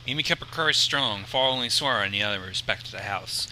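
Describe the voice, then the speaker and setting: A man reading his own fan story aloud on a livestream, animated, with stumbles and restarts. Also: lowish voice, quick pace, hardly any pauses, slight background noise, rough recording. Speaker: fan fiction reader and stream host.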